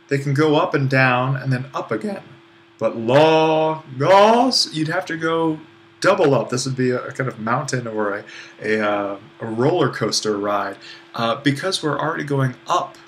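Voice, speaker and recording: A man gives a relaxed, step-by-step online lesson on Greek accents, pausing on fillers and joking at his own expense. His voice sits in an ordinary middle pitch. A faint hiss of background noise runs under the recording. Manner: explanatory, self-deprecating, with fillers. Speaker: Greek language instructor.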